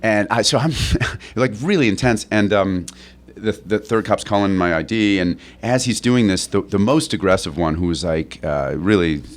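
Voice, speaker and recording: Man telling a rambling story, lowish voice. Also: moderate pace. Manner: rambling, restarts and stammers; animated, laughs through stories. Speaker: actor, interview guest. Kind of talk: casual anecdote-telling.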